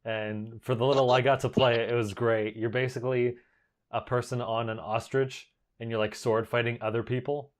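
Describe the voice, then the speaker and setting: A man with a mid-range voice hosting a casual podcast. He talks in a relaxed way and laughs easily as he steers the talk along. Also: mid-range voice, moderate pace. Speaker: podcast host. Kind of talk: casual chat.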